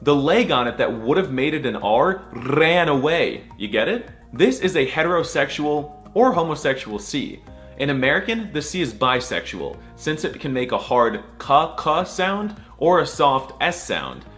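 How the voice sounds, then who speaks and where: Brief: man, comedy video creator, mock alphabet lesson, very lively swooping pitch, faint music behind. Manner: sarcastic, jokey, drawn-out letter sounds.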